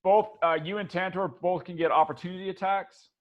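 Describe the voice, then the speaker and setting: A man's voice: high-pitched, steady tone, a little fast, dull audio. A man running a tabletop game as dungeon master, rambling with frequent restarts and laughter.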